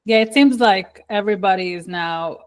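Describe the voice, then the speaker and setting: A woman hosting a podcast, asking questions in a casual, soft-spoken and slightly hesitant manner. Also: mid-range voice, moderate pace. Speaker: podcast host. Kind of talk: conversational interview.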